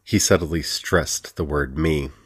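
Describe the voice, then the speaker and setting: A man narrating a fantasy audiobook in an even, steady reading. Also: rumbling low, takes it slowly, breathy edge.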